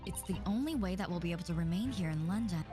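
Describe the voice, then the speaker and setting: Woman voicing eager bookish young assistant, confident, lively pitch, game music behind. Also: quick pace, close to an everyday voice. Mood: earnest. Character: earnest young Japanese female assistant, bookish.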